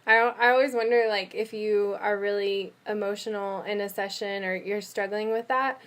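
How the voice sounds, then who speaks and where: Woman, interviewer, mid pitch, tentative, rephrasing, casual. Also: steady tone, normal speed, a bit bright. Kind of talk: interview questions.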